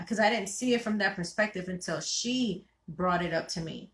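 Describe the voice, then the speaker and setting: A woman from Connecticut co-hosting a casual talk show, animated and playful, telling stories with acted quotes. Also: fairly low pitch, moderate pace, roomy sound. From Connecticut, USA. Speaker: podcast co-host. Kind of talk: casual chat.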